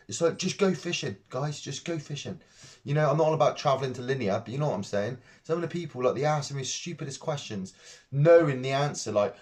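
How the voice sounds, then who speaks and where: A man's voice: mid-range voice, expressive, quick pace. Chatty man rambling about fishing. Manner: chatty, rambling, blunt and mocking. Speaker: fishing vlogger. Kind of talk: casual vlog to camera. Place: home fishing room, indoors.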